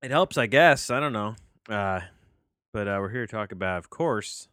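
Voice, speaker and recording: Low-energy man rambling on a podcast. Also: moderate pace, a bit bright, clear, resonant tone, no room sound, clean studio sound. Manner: rambling, meandering, self-questioning. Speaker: podcast host and movie reviewer. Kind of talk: casual solo podcast monologue. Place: his home office.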